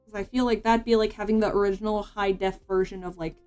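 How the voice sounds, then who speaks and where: A woman's voice: medium pitch, steady tone, fast talker, warm tone, clean tone, faint music behind. A woman streamer chatting casually while she draws, rambling with lots of "like" and false starts. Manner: rambling, full of "like" and restarts. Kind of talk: casual chat while drawing.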